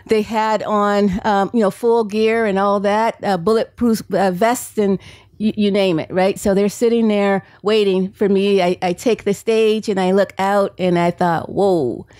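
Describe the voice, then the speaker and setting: A woman's voice: mid-range voice, fairly even intonation, unhurried, darkish tone, no room sound. A woman author and psychology professor giving a storytelling book talk at a bookstore event, chatty, laughing often and acting out the quotes.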